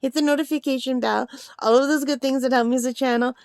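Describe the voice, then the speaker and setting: A woman's voice: sits high, steady tone, quick pace, a little mellow, clear, resonant tone, dry recording, clean studio sound. A woman hosting a craft channel, unboxing a gift in a casual vlog, giggly and gushing, rambling, overtired on little sleep.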